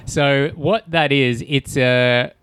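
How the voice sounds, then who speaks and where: A man co-hosting a casual chat about a TV episode, acting out quotes in higher voices. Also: slow pace, clear, resonant tone, no echo. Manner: animated storyteller, acts out quotes in higher voices. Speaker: podcast co-host.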